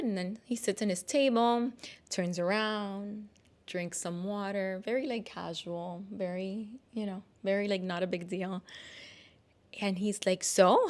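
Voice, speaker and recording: A podcast co-host in her thirties tells a personal story casually and with animation, using a medium-pitched voice. She acts out the voices of the people she quotes.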